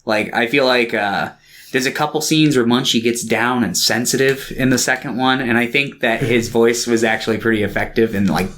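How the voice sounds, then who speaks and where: A man in his twenties co-hosting a podcast, relaxed in casual chat, with dry jokes and casual swearing. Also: mid-range voice, moderate pace, slight background noise. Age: 20s. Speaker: podcast co-host.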